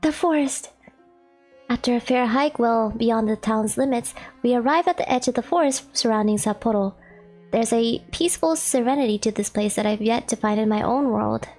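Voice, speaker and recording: A woman's voice: a little high, moderate pace, darkish tone, faint music behind. A woman streamer chatting with her viewers and reading a visual novel aloud, giggly and chatty with lots of "like" fillers.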